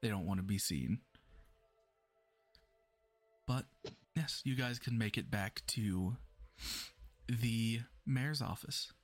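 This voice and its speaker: A man narrating a tabletop role-playing session as game master, in a relaxed way and laughing often. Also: mid-range voice, slow, long pauses, no echo, soft background music.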